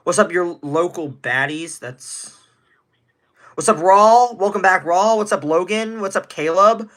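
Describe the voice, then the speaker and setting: A man's voice: high voice, a little slow, a bit bright. A nineteen-year-old man from Indiana, livestreaming casually, rambling and greeting viewers in chat by name. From Indiana, USA. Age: teens.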